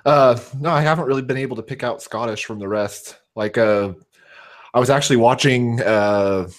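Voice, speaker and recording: A man with an American West Coast accent in casual podcast chat, hesitant and halting with many fillers. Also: mid-range voice.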